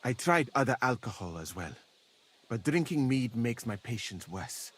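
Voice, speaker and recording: An actor playing a calm, learned foreign physician in a camp, speaking in a measured, courteous way. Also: male voice, mid-range voice, slightly rough. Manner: measured, courteous, softly spoken. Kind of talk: video game dialogue.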